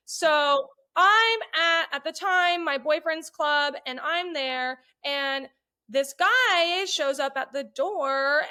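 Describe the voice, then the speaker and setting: A woman, a podcast guest, telling casual stories bluntly and with lots of swearing, acting out the voices of the people in them. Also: high voice. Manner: blunt, profane, animated retelling with quoted voices. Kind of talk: casual storytelling chat.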